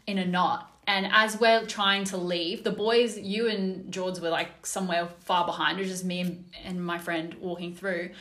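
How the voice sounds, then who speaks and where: Bright-voiced chatty woman. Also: mid-range voice, reverberant. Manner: chatty storytelling with many fillers. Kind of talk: casual chat.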